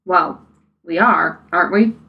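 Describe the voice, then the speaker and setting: An affectionate, easygoing young man from a read-aloud story, as a woman narrator puts him on. His voice is pitched a little low and relaxed. He sounds casual and warm toward his friend. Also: a little slow, vocal fry, highs cut off.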